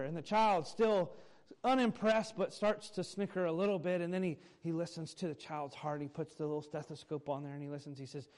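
Preaching in a church sanctuary, this man speaks a little fast in a somewhat high, slightly mellow voice. He's a pastor telling folksy stories to his congregation, chatty in manner and sprinkled with fillers.

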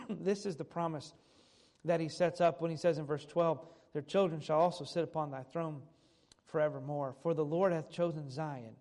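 A man's voice: a little high, fairly even intonation, normal speed, a little mellow. A man preaching a sermon who reads old scripture aloud and then restates it in plain everyday words. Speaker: pastor.

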